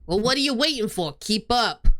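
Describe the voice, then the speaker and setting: A woman voicing a gruff, impatient male prison guard in a visual novel read-aloud. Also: on the high side, animated, normal speed, a bit bright, faint music behind. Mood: grumpy. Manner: curt, grumbling.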